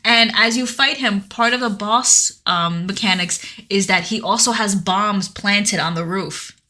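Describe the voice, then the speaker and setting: A woman co-hosting a podcast, talking in loose, joking chat and breaking into laughs often. Her voice is bright and forceful, with a clear, ringing edge. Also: mid-range voice, measured pace. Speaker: podcast co-host. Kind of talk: casual chat.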